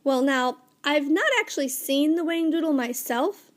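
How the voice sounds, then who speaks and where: A woman's voice: sits high, normal speed, voice pushed up, natural voice. A woman reading aloud, voicing a cheerful, polite older man who chats about a rare creature with an air of mystery.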